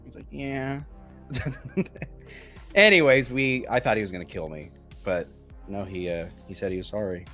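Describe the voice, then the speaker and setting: A man's voice: on the low side, moderate pace, bright, forceful tone, soft background music. Rambling young man telling a story. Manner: rambling, many fillers and restarts. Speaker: podcast co-host. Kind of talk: casual storytelling chat.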